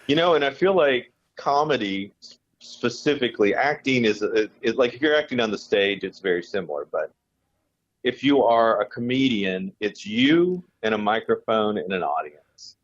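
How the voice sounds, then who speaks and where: A man's voice: lowish voice, animated, normal speed, dull audio. A man co-hosting a podcast in casual chat, rambling with restarts and fillers. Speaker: podcast co-host.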